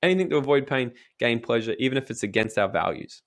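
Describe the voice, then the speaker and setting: A young man talks as an interview guest, driving home motivational points with emphasis and the odd curse. His voice sits at an ordinary middle pitch. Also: animated, fast talker. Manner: emphatic, swears casually, acts out quoted voices.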